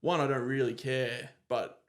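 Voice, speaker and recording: A man hosting a podcast, talking reflectively and often pausing to search for words. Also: mid-range voice, steady tone. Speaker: podcast host. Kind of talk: casual conversation.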